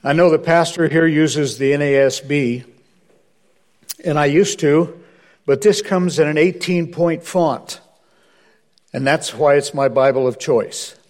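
A man's voice: fairly high pitch, unhurried, long pauses, darkish tone. A man preaching as a guest, telling anecdotes with humor and driving home his points with emphasis. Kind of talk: sermon.

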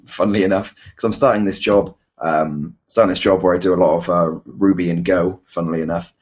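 A man's voice: sits low, a little mellow, husky, highs cut off. A man with a Bristol English accent, hosting a casual podcast chat, rambling and self-deprecating with lots of fillers and restarts. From England. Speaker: podcast host.

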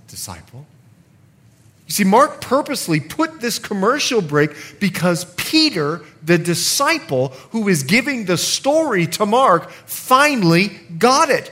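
The sermon comes from a middle-aged man who swings between volume and near-whispers, giving each scriptural speaker a voice. His tone is high-pitched and his delivery unhurried.

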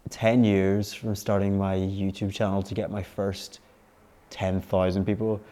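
Young male magician, low voice, easygoing guest, laughs at himself. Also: little pitch movement, warm tone. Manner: self-deprecating, quick to laugh. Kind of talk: casual interview chat.

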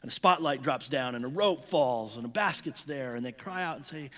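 A man's voice: a little high, big pitch swings, a little fast, hardly any pauses, fairly bright tone. A man preaching an earnest, emphatic sermon that weaves in an illustrative story. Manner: earnest, emphatic, repeats words. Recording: long hall reverb.

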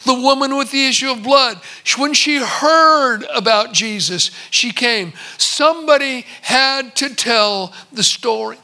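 A male pastor delivers a storytelling sermon, acting out snippets of dialogue as he goes. His voice sits very high and carries a gravelly rasp. The tone is bright and sharp. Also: unhurried, few pauses. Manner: storytelling, acts out servants and a visitor in quotes.

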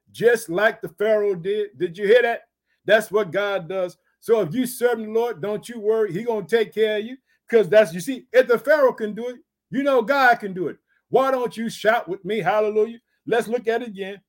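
A man preaching a sermon, reading scripture aloud and stopping often to ask if listeners heard it. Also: high-pitched. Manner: emphatic, repeats "did you hear that?".

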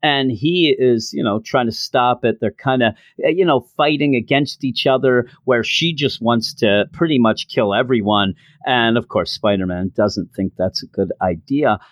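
A man's voice: medium pitch, moderate pace, hardly any pauses, no room sound, dull audio. A middle-aged man casually reviewing a comic book, enthusiastic and rambling with frequent restarts.

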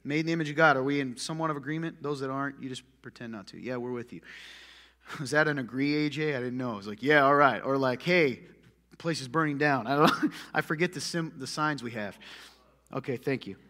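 A man preaching a sermon as pastor, punchy and joking, swinging from loud calls to muttered asides. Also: mid-range voice, quick pace. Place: church hall with long reverb. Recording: echoey church hall.

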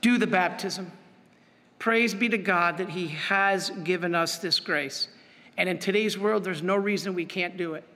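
A man's voice: high-pitched, measured pace, pushed and bright, long reverb tail. A man preaching as a priest in an earnest, emphatic sermon, pleading and repeating his point.

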